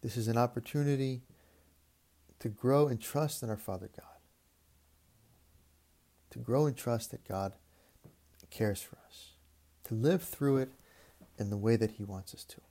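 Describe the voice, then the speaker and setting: A man preaching a reflective sermon, speaking in a measured way with repeated phrases and long pauses. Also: mid-range voice, mellow.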